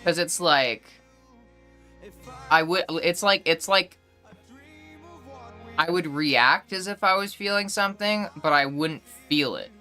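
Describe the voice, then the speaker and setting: Young woman streamer, casual live chat, rambling with constant fillers; bright, crisp tone, faint music under her. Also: fairly low pitch, slow, pauses often.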